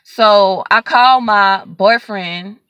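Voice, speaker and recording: A young woman tells a story in an animated, casual storytime style, acting out every exchange and filling it with fillers. Her voice is bright and forceful. She sounds close and dry, with no room echo. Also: medium pitch, slow pace, clear, resonant tone. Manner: animated retelling with quoted dialogue and many fillers. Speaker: vlogger telling a story.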